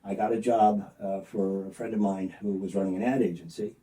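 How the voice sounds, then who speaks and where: Interview guest, male, dark low voice, blunt rambling storyteller, distant mic. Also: fairly even intonation, brisk. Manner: rambling, many fillers and restarts.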